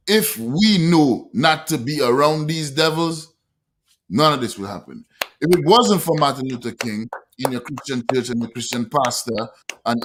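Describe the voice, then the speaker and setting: A man's voice: fairly high pitch, fairly bright tone. A man co-hosting a casual talk show, speaking in a preachy, emphatic way. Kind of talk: casual podcast chat.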